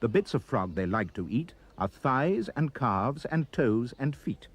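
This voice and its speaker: A man reading a rhyming children's poem aloud with expressive, sing-song delivery. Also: mid-range voice, unhurried, slightly rough. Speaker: reader.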